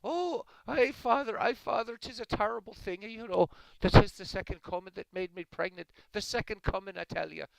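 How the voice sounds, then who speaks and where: A man voicing a frantic Irish woman at confession, pleading in a shrill, breathless voice for a told joke. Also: normal speed, vocal fry, hardly any pauses, no echo, poor audio.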